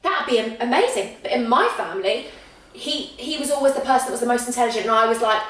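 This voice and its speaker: Woman in her 20s, podcast host, quick chatty storyteller; roomy and distant sound. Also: a little high, expressive, fairly bright tone. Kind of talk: casual chat. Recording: echoey room, mic at a distance.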